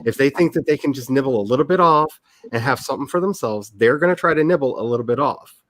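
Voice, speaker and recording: A man hosting a casual talk among writers, chatty and animated, often restarting his sentences. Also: mid-range voice, quick pace. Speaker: author and channel host. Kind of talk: casual chat.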